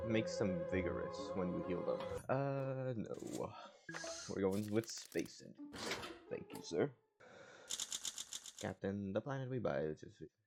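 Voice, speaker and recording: Sex: man. Style: gravelly voice reading game text aloud. Pitch: low. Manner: stumbling reading with restarts. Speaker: gamer. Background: game music.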